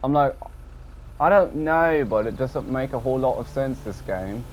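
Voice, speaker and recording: A man rambling casually about an online game session, swearing often and tacking on a low, dropped "mate". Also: animated, normal speed. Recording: dull lo-fi audio with faint background noise.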